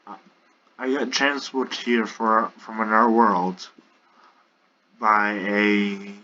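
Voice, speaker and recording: A man's voice: on the low side, fairly even intonation, slow pace, bright, forceful tone, highs cut off. A man doing a stuttering nervous elf. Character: nervous young male elf adventurer, jumpy.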